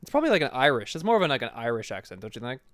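A man's voice: mid-range voice, big pitch swings, racing, no echo. A man hosting a podcast, chatting casually and teasing his grandmother. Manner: teasing, joking. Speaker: podcast host. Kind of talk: casual chat.

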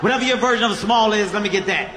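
A man doing stand-up comedy, telling an animated story and acting out both sides with shouted punchlines. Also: high-pitched, very fast, reverberant, slight background noise.

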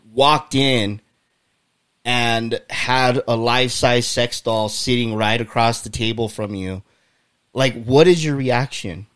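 A man's voice: medium pitch, clean tone. A man in a mid-range voice hosts a casual podcast chat. He leads with questions, swears casually and laughs easily. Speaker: podcast host.

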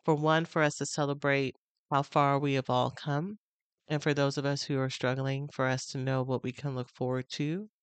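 A woman's voice: a bass voice, level tone, smooth, no echo. Heartfelt woman podcast host, dry sound. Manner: emotional, pausing, heartfelt. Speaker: podcast host and love addiction coach. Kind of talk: casual personal podcast talk. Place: on location on a trip.

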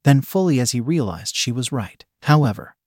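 A male narrator reads a story aloud in a steady, even way. His pitch sits in the middle range, and the recording is close and dry, with no room echo. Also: moderate pace, husky. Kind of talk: scripted narration.

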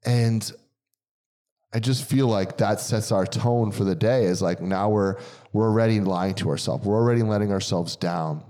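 A man's voice: lowish voice, normal speed. A man co-hosting a casual podcast chat, talking emphatically and repeating words for stress as he tells stories. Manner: animated storytelling. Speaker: podcast co-host.

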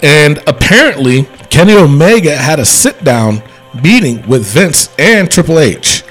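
A man co-hosting a casual wrestling podcast, talking in an animated, rambling way with restarts. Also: a little high, measured pace, soft background music, low-quality recording. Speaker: podcast co-host.

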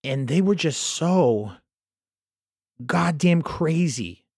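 A man's voice: fairly high pitch, lively intonation, takes it slowly, darkish tone, no echo, clean studio sound. A man hosting a podcast in casual commentary, ranting with profane sarcasm and mocking his critics. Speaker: podcast host.

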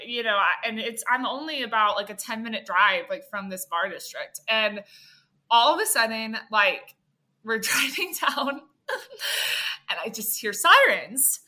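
Bright, animated young woman telling a story. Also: a little high. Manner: animated, filler-heavy, acts out quotes. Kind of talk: casual storytelling chat.

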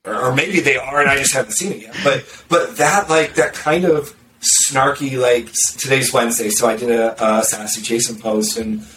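A man talking about marketing in a casual podcast conversation, blunt and sarcastic, with quick restarts and repeated words. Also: mid-range voice, crowd noise. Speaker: marketer discussing content strategy. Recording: roomy, distant mic with faint background noise.

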